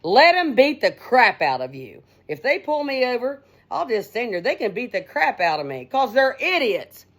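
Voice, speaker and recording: A middle-aged host speaks at a normal speed with few pauses, her high-leaning voice swinging widely in pitch. She delivers a casual, blunt, rambling monologue into her own device's mic without a headset, calling listeners "honey" and "man."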